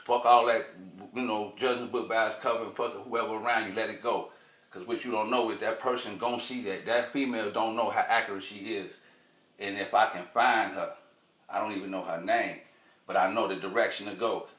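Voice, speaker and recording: A man's voice: lowish voice, fairly even intonation, fairly quick, fairly bright tone. A man vlogging, telling a rambling spiritual story in loose, profane, repetitive street talk. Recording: roomy echo.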